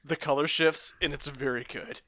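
A man co-hosting a casual anime podcast, enthusiastic and quick to laugh. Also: on the high side, fairly even intonation, pushed and bright, a little hiss or hum. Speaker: podcast co-host.

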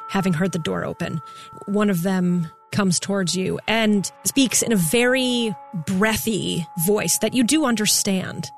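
A woman running a tabletop role-playing game, describing scenes in a relaxed, filler-heavy way. Her pitch sits mid-range. Faint music plays underneath. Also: measured pace, creaky. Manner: casual, with many "like" and "kind of" fillers. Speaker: game master.

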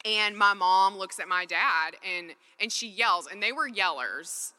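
A woman's voice: mid-range voice, measured pace, sharp tone. A woman giving an earnest, conversational faith talk from a stage, full of casual "like" fillers. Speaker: speaker at a faith gathering. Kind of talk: personal testimony talk. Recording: long reverb in a large hall.

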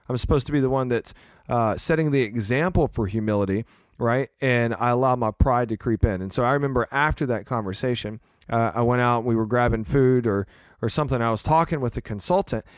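Casting: man, podcast host and church leader, earnest loose chat, mid pitch, dry close mic. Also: no room sound. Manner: earnest, rambling with restarts and fillers.

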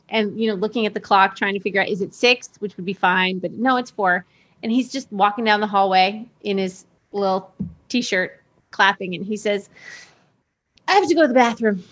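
A woman guest on a chat show, telling family stories in a lively way and laughing often, a little tipsy. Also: mid-range voice, moderate pace. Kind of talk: casual chat, storytelling.

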